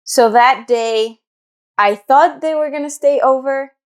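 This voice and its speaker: A woman's voice: high-pitched, unhurried, clean tone. Young woman podcast cohost, rambly, lots of likes and ums, just chatting. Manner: rambling, hesitant, many fillers. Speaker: podcast co-host. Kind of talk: casual chat.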